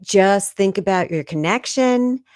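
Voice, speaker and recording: A woman's voice: medium pitch, a little slow, darkish tone, dry recording, studio quality. A woman guest coaching about video, talking in a casual, encouraging way on a video call. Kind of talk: casual live interview chat. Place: room at home.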